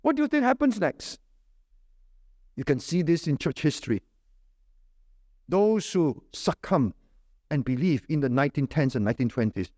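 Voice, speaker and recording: A high-pitched man preaches with force, jumping up to stressed words and dropping low at the ends of his points. He keeps throwing rhetorical questions at his listeners. The sound is close and dry. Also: very animated, normal speed, long pauses, no echo. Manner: emphatic, swings between loud high stresses and low dropped endings. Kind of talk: sermon.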